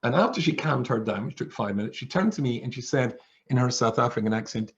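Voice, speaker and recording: A rabbi telling a humorous story to an audience on a video call, acting out the voices of the people in it. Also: male voice, medium pitch, expressive, quick pace, muffled recording. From England. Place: home, over a video call. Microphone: video call mic.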